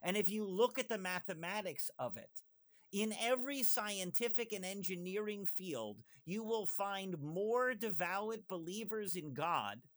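A man in casual conversation, talking in animated bursts with frequent asides and restarts. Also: high-pitched. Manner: animated, fast asides and self-interruptions. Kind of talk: conversational discussion.

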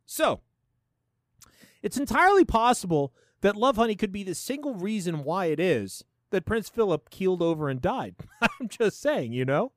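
Animated sarcastic male podcast host. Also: high voice, normal speed, no echo, studio quality. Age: middle-aged. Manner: animated, sarcastic, laughs often. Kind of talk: casual comedic commentary.

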